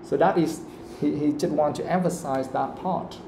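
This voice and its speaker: A man teaching an English pronunciation class, explaining slowly and checking in with "okay?" after nearly every point. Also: fairly high pitch, fairly even intonation, echoey room, noisy background. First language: Vietnamese. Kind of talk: live classroom lesson.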